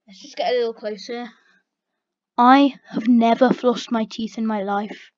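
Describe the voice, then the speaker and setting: A woman's voice: fairly high pitch, steady tone, a little slow, muffled recording. A woman vlogger answering questions in a casual, chatty way. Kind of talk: casual Q&A chat.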